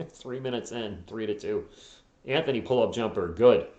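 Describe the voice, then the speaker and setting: A hoarse man hosting a live fan play-by-play stream, calling plays quickly and tossing in joking asides and replies to viewers. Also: fairly low pitch, a little mellow, roomy sound, dull audio. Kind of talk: casual live play-by-play commentary.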